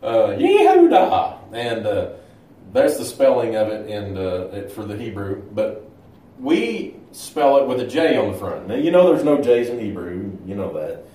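A man teaching a Bible lesson in an unhurried, halting way, pausing often on filler sounds. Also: on the low side, animated, dark tone. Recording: echoey room.

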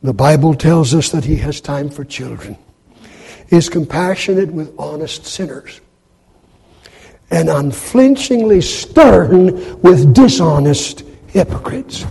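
A man preaching a sermon in a dramatic way, acting out quoted speech in loud, high bursts. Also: expressive, slow pace, vocal fry, slightly rough. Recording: long hall reverb.

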